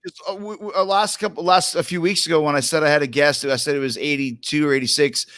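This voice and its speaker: A man's voice: a little high, steady tone, quick pace, a bit bright, no echo, clean studio sound. A man co-hosting a podcast, chatting casually and laughing as he rambles through stories. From Canada. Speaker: podcast co-host. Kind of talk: casual chat.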